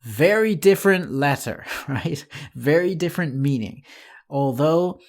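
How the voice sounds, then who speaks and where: Slow, patient male English teacher. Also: a little high, animated. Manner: friendly and patient, addresses the viewer as "my friend". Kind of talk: slow, clear online English lesson.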